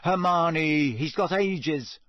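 A man's voice: sits high, sing-song, unhurried, husky, dry recording, studio quality, voice pushed up, heavily acted. A man voicing a blunt, hot-tempered teenage schoolboy in a storybook reading, snappy and grumbling.

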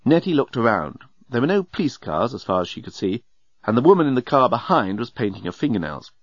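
A man narrating an audiobook in a wry, lively storytelling manner. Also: mid-range voice, brisk, husky, no echo, dull audio.

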